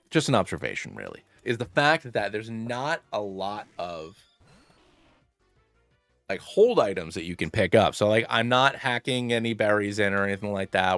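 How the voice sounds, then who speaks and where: A man streaming a game live, rambling through his moves and excitedly thanking viewers by name. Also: fairly low pitch, normal speed, no room sound, faint music behind. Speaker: streamer playing a fusion monster game. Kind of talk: casual live-stream chat and game commentary.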